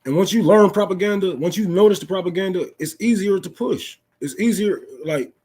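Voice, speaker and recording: A man's voice: sits high, fairly quick, a little mellow, husky. A young man in an unscripted political rant, profane and fired-up, preaching to his listeners. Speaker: political talk host.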